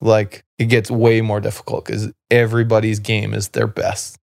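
Gravelly-voiced man telling relaxed stories. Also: fairly low pitch, moderate pace, no echo, studio quality. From Canada. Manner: rambling, relaxed storyteller, many "like" fillers and restarts. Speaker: podcast guest, former basketball player. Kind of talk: casual storytelling conversation.

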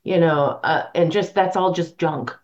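A woman's voice: lowish voice, a little slow, a little mellow, highs cut off. A woman guest on a podcast, talking casually with lots of fillers and restarts. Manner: hesitant, many fillers and restarts. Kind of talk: casual chat.

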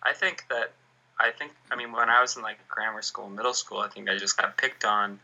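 A man's voice: on the low side, fairly even intonation, fairly quick, vocal fry, sharp tone, dull audio. A man in a casual chat who speaks hesitantly and keeps restarting his sentences.

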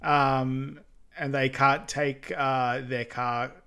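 A man co-hosting a podcast, recapping a film in a relaxed way with many ums. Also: medium pitch, drawn-out words, clean tone. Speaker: podcast co-host. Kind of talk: casual film recap chat.

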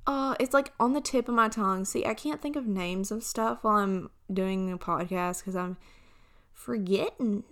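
A woman's voice: mid-range voice, normal speed, fairly bright tone. A young woman from Alabama with a Southern accent, hosting a casual solo podcast and rambling through a story with frequent restarts. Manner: rambling, chatty, trails off and restarts. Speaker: podcast host.

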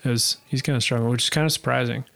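Halting man chatting about golf. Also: medium pitch, fairly even intonation, gravelly, fairly bright tone. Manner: halting, restarts often. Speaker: podcast guest. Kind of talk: casual chat.

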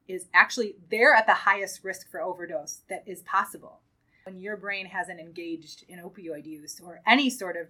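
A woman's voice: mid-range voice, bright, forceful tone, low-quality recording. A woman hosting a podcast, talking in an earnest, emphatic conversational way with many casual fillers. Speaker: podcast host.

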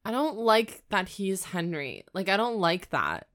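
Lively chatty woman co-host. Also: mid-range voice, measured pace. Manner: chatty, reactive, full of "like" fillers. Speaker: podcast co-host. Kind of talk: casual comic banter.

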